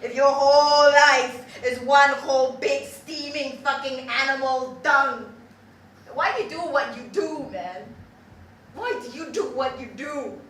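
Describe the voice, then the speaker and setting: A woman's voice: high voice, takes it slowly. A woman playing a foul-mouthed, fired-up zookeeper. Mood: ranting. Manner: ranting, profane, animated storytelling with laughs. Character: profane, restless young zookeeper ranting a story. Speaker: stage performer. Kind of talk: theatrical monologue. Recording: echoey hall heard from far off, faint noise.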